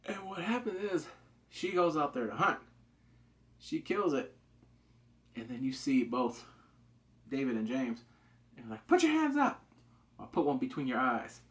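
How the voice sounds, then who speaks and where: A man casually reviewing a TV episode, excitable, acting out quotes with big jumps in pitch and swearing loosely. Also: unhurried, long pauses. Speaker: TV show reviewer.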